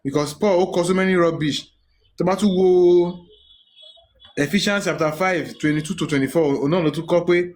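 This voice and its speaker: A man with a Yoruba Nigerian accent, reading Bible verses aloud slowly in a casual group discussion and then arguing his point emphatically. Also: high-pitched, fairly even intonation, darkish tone. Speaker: discussion participant reading scripture.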